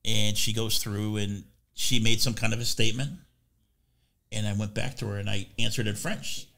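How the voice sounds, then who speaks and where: Podcast co-host, male, lower pitch, bright forceful tone, lively storyteller. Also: moderate pace, vocal fry, low-quality recording. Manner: animated storyteller, does quoted voices. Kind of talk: casual chat.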